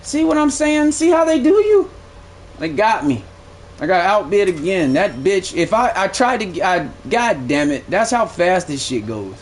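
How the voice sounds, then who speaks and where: A man's voice: on the high side, a little hiss or hum. A young man streaming a game live, giving blunt, profane play-by-play commentary that swings into aggravation. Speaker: gaming streamer.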